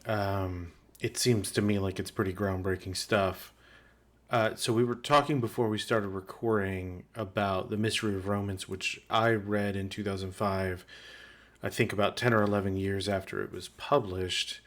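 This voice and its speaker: Male podcast host, low voice, relaxed conversational delivery. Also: normal speed. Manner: conversational, thoughtful, occasional repeated words. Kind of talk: podcast interview.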